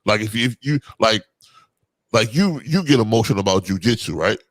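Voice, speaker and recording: A man co-hosting a casual podcast chat, animated and swearing freely, his voice jumping up loud when he gets worked up. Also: lowish voice, fairly quick, dry recording. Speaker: podcast co-host.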